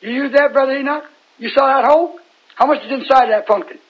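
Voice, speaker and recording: A man with a very high voice preaches a loose, rambling Bible sermon in a folksy way. He keeps stopping to put questions to the people listening. The sound is dull and lo-fi. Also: fast. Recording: dull lo-fi recording.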